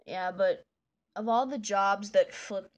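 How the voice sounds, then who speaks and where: A woman's voice: mid-range voice, noisy background. Chatty woman narrating while she draws. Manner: chatty and rambling, with many restarts. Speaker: artist drawing a fan comic. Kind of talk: casual commentary while drawing.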